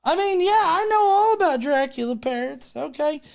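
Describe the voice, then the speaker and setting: High-voiced woman rambling and cursing. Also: animated, moderate pace, vocal fry, a little mellow. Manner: rambling, joking, swears freely. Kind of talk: casual, profane livestream banter.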